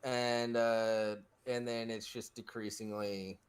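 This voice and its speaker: A man's voice: on the low side, flat delivery, slow, clear, resonant tone. A man co-hosting a podcast, joining crude banter with hesitant, stammering restarts. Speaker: podcast co-host.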